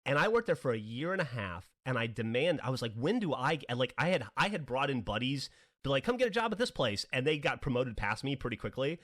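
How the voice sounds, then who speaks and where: A man in his forties tells a rambling anecdote to his co-host, his voice rising and dropping through a lively, expressive range. He laughs, curses freely and acts out the other people in the story. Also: mid-range voice, a little fast. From American South. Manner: animated, laughing, swearing, acts out quoted people. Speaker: podcast co-host. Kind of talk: casual storytelling.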